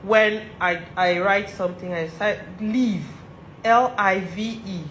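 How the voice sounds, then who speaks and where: A woman's voice: mid-range voice, fairly even intonation, measured pace, a bit bright, reverberant, a little hiss or hum, poor audio. A woman with a Nigerian accent giving a motivational talk to other women, earnest and repeating her urgings for emphasis. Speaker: vlogger giving advice to women. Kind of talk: motivational monologue.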